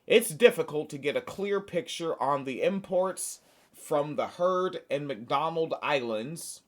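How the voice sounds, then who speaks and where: A man's voice: fairly high pitch, animated, slow pace. A man hosting a podcast, reading news aloud and breaking off into sarcastic, profane asides. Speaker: podcast host.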